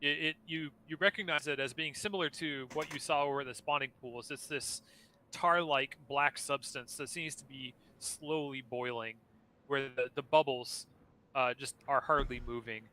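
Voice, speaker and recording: A man narrating a tabletop game as dungeon master, halting with frequent restarts and fillers. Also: mid-range voice, steady tone, pushed and bright. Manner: halting, lots of uh and restarts, laughs often.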